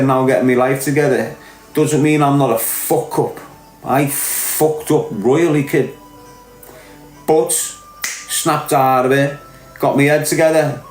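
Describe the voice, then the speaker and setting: A man's voice: a little high, darkish tone. A middle-aged man with a Liverpool accent, talking as a podcast host in a blunt, sweary, lecturing monologue. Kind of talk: unscripted monologue to camera. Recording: roomy echo with faint music.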